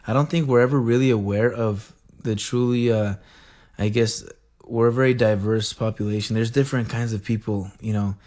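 A man's voice: mid-range voice, steady tone, moderate pace, a little mellow. Young border-town man, mid-range voice, loose and chatty, restarts his sentences and laughs. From El Paso-Juarez border region. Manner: rambling, self-correcting, laughs often. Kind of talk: casual rambling monologue.

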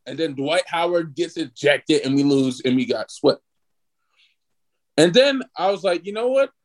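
A man in his twenties hosting a podcast, ranting excitedly and swearing freely in casual sports chat. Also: on the high side, measured pace. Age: 20s. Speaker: podcast host.

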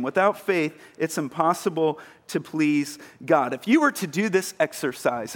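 A man preaching a sermon in a casual, self-mocking way, acting out scenes with animated exclamations. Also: fairly high pitch. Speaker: pastor.

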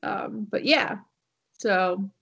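A woman's voice: medium pitch, extremely slow, vocal fry, a bit bright, slightly rough. A woman co-hosting a podcast, telling a story in casual chat with lots of fillers and laughs. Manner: rambling with many fillers and laughs. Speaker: podcast co-host.

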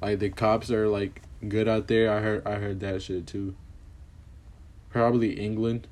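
A man's voice: lowish voice, level tone, unhurried, darkish tone. A young man chatting casually on a vlog, answering questions in a slangy, profane, rambling way, and saying he is putting on an accent. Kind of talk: casual chat.

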